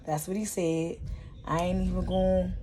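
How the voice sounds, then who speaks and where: A woman casually recapping TV episodes for her vlog, chatty and slangy with plenty of profanity, her pace and loudness often shifting. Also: on the low side, level tone, a little slow. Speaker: vlogger reviewing a TV series.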